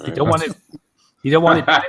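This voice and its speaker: A man's voice: fairly high pitch, flat delivery, a little fast, crowd noise. A man co-hosting a casual podcast chat, joking and laughing often.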